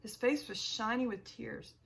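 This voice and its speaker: A woman narrating an audiobook in the first person, with a measured reading and small self-corrections. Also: on the high side, gravelly, a bit bright, slight background noise, low-quality recording.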